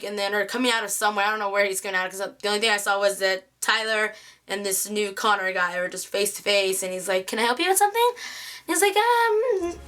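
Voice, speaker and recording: A young woman chatting excitedly through a TV episode recap, acting out the characters' lines. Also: on the high side. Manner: chatty, excitable, acts out quotes. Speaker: TV recap vlogger.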